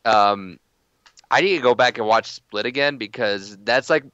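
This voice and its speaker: A man's voice: medium pitch, normal speed, pushed and bright, clear, resonant tone, no echo, dull audio. A young man co-hosting a casual movie chat, hesitant with stumbling starts and profane. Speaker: podcast co-host.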